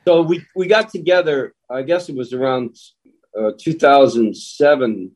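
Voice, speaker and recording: An older man talks in a loose, rambling way as an interview guest, drifting between stories and dropping the odd curse. His pitch sits in an ordinary middle range. He is heard over a remote call. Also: normal speed, darkish tone, rough recording. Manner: loose and rambling, swears casually. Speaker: guest actor and songwriter. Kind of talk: casual interview chat.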